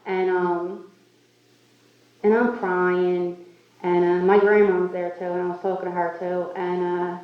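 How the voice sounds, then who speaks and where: A woman's voice: on the low side, level tone, unhurried. Woman, recovery meeting speaker, candid personal story, self-mocking, muffled lo-fi sound. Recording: echoey hall, far from mic, muffled.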